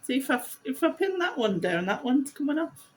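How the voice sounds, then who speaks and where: A woman's voice: high-pitched, very animated, fairly quick, slight background noise, rough recording. A woman, chatting casually and giggling at herself while crafting on her vlog. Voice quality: giggly, self-deprecating, chatty. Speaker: vlogger host.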